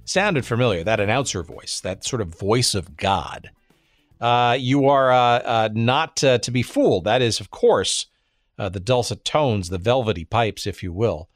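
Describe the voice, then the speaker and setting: A man's voice: medium pitch, dry recording, studio quality. A man hosting a podcast, introducing his episode in a chatty, hesitant way full of fillers. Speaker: podcast host.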